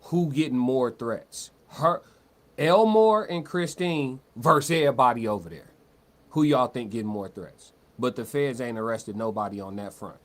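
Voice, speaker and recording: This is a slangy male streamer giving casual live commentary and reading out chat. His mid-range voice moves at normal speed, and he often repeats himself and restarts lines.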